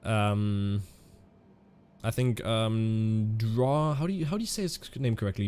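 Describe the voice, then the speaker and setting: A man streaming a flight simulator, chatting casually in a halting way and answering viewers' questions as he flies. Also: fairly low pitch, darkish tone, slight background noise. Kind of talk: casual live-stream commentary.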